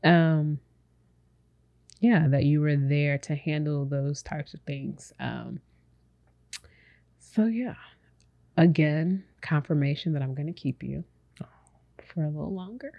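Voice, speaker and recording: Candid, slightly low-voiced woman podcaster. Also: takes it slowly, long pauses, highs cut off. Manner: candid and reflective, rambling with many fillers; speaks directly to listeners as "y'all". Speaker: podcast co-host. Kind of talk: casual chat.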